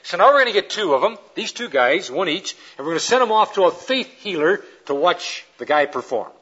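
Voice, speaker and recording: Male preacher, fairly high husky voice, animated storyteller, dull old recording. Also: fairly quick. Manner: animated storyteller acting out quoted characters. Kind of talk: lecture-style sermon with illustrations.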